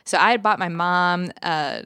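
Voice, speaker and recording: A woman's voice: lowish voice, moderate pace, pushed and bright, clear, resonant tone, no echo. A young adult woman hosting a podcast, telling a story casually with frequent laughs. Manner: storytelling, laughs while talking. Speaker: podcast host. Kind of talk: casual chat.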